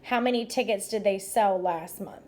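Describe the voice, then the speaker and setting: A woman's voice: mid-range voice, normal speed, a little mellow. A woman teacher working through math problems aloud, step by step, in an upbeat, encouraging way. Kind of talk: math lesson walkthrough.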